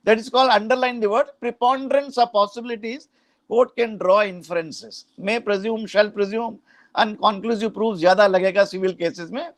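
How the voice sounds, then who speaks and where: A man's voice: high-pitched, steady tone, fast talker, no room sound. A middle-aged Indian man teaching a law class, explaining procedure with frequent "huh?" checks and Hindi asides. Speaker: law professor.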